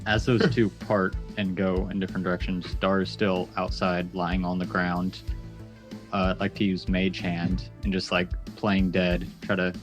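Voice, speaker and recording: A man with a very deep, flat voice plays a tabletop game. He lays out his moves in a plain, matter-of-fact way, with faint music behind him. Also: normal speed. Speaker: player. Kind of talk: casual tabletop play.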